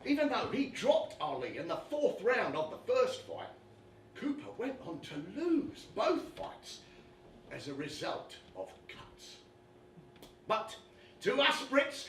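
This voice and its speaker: An actor playing a brash, chatty British boxing commentator in an animated one-man stage comedy monologue, talking straight to the audience. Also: high voice, a little hiss or hum, exaggerated voice. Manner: animated, chummy, addresses the audience directly. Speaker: stage performer. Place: theatre stage with a live audience. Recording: roomy live stage recording from far off.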